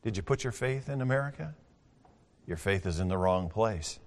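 An older man preaching a sermon as pastor, folksy, moving between booming scripture reading and quiet, chatty asides. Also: lively intonation, normal speed. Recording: long hall reverb.

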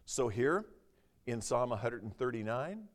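A man's voice: medium pitch, big pitch swings, measured pace, long reverb tail. A man preaching a sermon, talking conversationally with the congregation and reading scripture aloud with rising intensity. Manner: conversational, asks the audience questions, reads scripture with rising intensity.

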